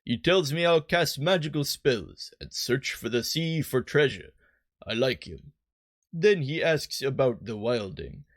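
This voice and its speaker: A man voicing a shy little girl who runs an inn, speaking slowly in folksy, ungrammatical talk. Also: mid-range voice, animated, dry recording, studio quality. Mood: dreamy. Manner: slow, drawling folksy grammar.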